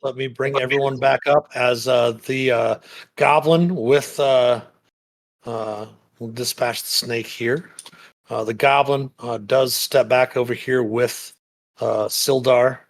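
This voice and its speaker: A man narrating as game master in a tabletop game, describing scenes in a halting way with frequent pauses to search for words. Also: mid-range voice, fairly even intonation. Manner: halting, many fillers and restarts while describing the scene.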